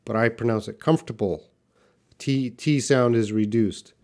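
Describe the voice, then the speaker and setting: Patient teacher. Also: male voice, medium pitch, steady tone, darkish tone. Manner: patient, explanatory, repeats words slowly for learners. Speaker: English teacher. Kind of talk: live Q&A class, reading viewer questions.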